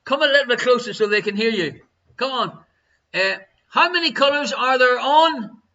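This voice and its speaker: A man with an Irish accent hosting a live online quiz, chatty and teasing, reading each question slowly twice. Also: extremely high pitch, animated, bright, forceful tone. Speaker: quiz host. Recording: dull lo-fi stream audio.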